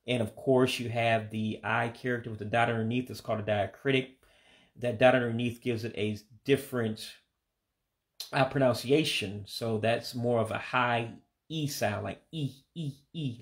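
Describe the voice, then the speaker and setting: A man in a casual home lesson talks through vocabulary at an easy pace. His voice sits in a middle pitch, and he repeats each word slowly and deliberately, sometimes pausing with uh and um. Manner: slow, careful repetition of words; hesitant with fillers. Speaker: language learner teaching vocabulary.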